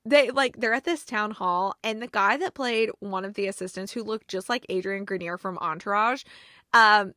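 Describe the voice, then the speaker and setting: A woman hosting a movie review show, recapping a plot in a casual, animated way, laughing often and saying "like" a lot. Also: mid-range voice, normal speed, no echo, studio quality. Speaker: movie review podcast host.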